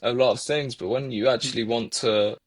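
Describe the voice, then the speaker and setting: In a reflective interview, a young English guest with a Coventry accent speaks fairly quickly, his medium-pitched voice keeping a fairly even intonation. He comes across as earnest, frequently repeating words while working through his thoughts.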